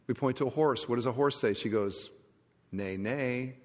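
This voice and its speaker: Male pastor, mid-pitched voice, emphatic sermon delivery with swings from loud to hushed, long church hall reverb. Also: quick pace, breathy edge. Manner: emphatic preaching, from loud rises to hushed low endings.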